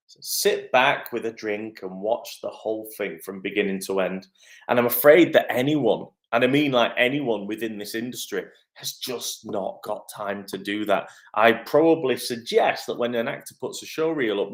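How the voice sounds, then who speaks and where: A man, an acting coach running a live-stream Q&A from his home kitchen, chatty and upbeat with lots of ums. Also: medium pitch. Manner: chatty and upbeat, many "um" fillers. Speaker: acting coach and agency head.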